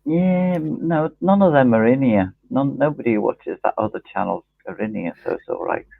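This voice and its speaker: Male quiz host, lively self-mocking chatter, dry dull lo-fi stream sound. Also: mid-range voice, normal speed, creaky, no echo. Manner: flustered, self-mocking, swears casually. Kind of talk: casual livestream chat.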